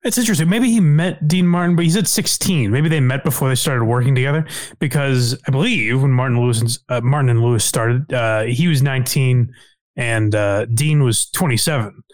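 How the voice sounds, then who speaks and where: A man hosting a podcast in casual chat, hesitant, with many fillers and sudden upward pitch jumps. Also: a little fast, dry recording. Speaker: podcast host.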